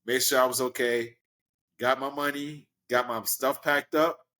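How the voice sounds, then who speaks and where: Speaking at a measured pace, a professional wrestler from Brooklyn, New York, shares a story as a guest on an interview. His casual delivery stays at an average pitch except when he animatedly impersonates the story's characters, leaping suddenly high.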